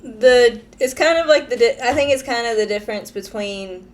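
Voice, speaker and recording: A woman's voice: on the high side, normal speed. Thoughtful woman podcast co-host. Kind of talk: casual chat.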